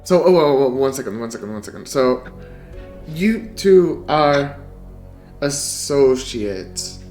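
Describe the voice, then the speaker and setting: A man plays in a tabletop game and thinks aloud, stammering through his questions. His voice sits at a middle pitch, and faint music runs behind him. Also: expressive, slow, a little mellow. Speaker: player.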